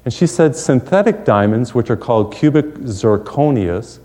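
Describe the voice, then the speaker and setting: A man's voice: medium pitch, expressive, normal speed, mellow. A middle-aged man preaching a sermon, telling folksy stories with humorous asides. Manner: folksy storytelling with jokes and asides. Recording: long hall reverb.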